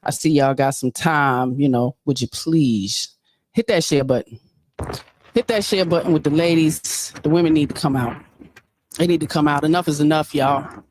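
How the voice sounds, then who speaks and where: A woman's voice: low-pitched, normal speed, slight background noise. Emphatic woman hosting a livestream. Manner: animated, preachy, emphatic repetition. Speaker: livestream host. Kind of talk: casual livestream talk.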